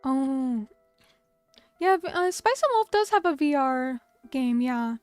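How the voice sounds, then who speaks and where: A woman's voice: high-pitched, lively intonation, slow pace, dry recording, soft background music. A young woman streaming, chatting casually with her viewers and reacting to their comments in a bubbly, chatty way. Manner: bubbly and chatty, reading out chat comments, many fillers.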